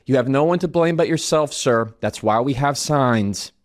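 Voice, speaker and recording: A man's voice: lowish voice, very animated, fast talker. A man quoting a middle-aged female airport security agent, mostly in his own voice. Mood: condescending. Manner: condescending, then flustered and apologetic.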